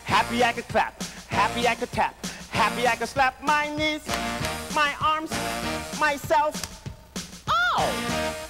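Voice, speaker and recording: A man's voice: very high voice, sing-song, slow, over loud music, exaggerated voice. An actor playing a cheerful man who leads children's action songs and encourages everyone to join in. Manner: sing-song, encouraging, playful. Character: cheerful adult man leading kids' songs. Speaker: singing show regular. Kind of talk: children's TV musical acting.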